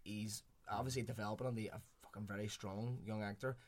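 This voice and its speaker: A man's voice: on the low side, steady tone, brisk. A man chatting casually on a podcast, enthusiastic and swearing now and then. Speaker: podcast co-host reviewing films. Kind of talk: casual chat.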